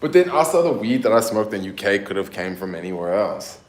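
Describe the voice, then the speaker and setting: A man with a softened Black Southern American accent, chatting loosely on a home livestream, rambling in slang and tacking "yo" onto his sentences. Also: fairly low pitch, big pitch swings, a little fast, roomy sound. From American South, family in Tennessee. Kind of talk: casual livestream chat. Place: home in San Francisco.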